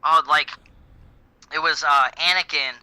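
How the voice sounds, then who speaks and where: A man's voice: fairly high pitch, fairly even intonation, a little slow, pushed and bright, smooth, no room sound, low-quality recording. A man co-hosting a podcast in casual chat, retelling scenes with lots of swearing and put-on voices. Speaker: podcast co-host.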